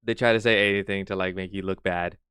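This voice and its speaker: Streamer guy going off on a rant, swears a lot, smooth voice, dry sound. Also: deep voice, steady tone, fast talker, a bit bright, dry recording. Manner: profane, exasperated ranting. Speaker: streamer reacting to a video. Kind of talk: reaction stream commentary.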